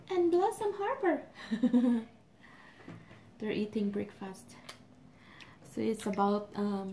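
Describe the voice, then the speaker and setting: A woman's voice: medium pitch, darkish tone, slight background noise. A woman filming a casual home vlog, talking sweetly to her children over breakfast. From Philippines. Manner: doting, sing-song talk to her kids.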